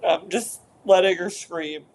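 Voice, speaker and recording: A woman therapist narrating an inner therapy session in a soft, hesitant way, with many fillers. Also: fairly low pitch, unhurried.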